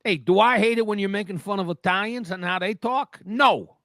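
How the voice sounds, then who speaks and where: Bright-voiced man telling animated stories. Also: high voice, a little fast, dry recording, clean studio sound. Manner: animated storyteller who acts out quoted voices. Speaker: podcast co-host. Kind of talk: casual anecdote telling.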